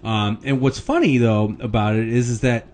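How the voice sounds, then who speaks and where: A man's voice: medium pitch, fairly even intonation, moderate pace, darkish tone, a little hiss or hum. A man from Pennsylvania commenting on his own gameplay, rambling and chatty with lots of fillers, chuckles and the odd curse. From Erie, Pennsylvania, US. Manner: rambling, chatty, frequent fillers and laughs, gets worked up and curses. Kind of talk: casual let's-play commentary.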